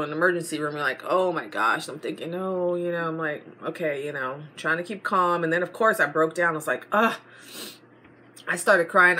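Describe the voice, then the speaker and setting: A woman's voice: fairly low pitch, sharp tone. A middle-aged woman, chatting casually to her viewers and rambling through a personal story with lots of fillers. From Texas. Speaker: vlogger. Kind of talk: casual chat to camera.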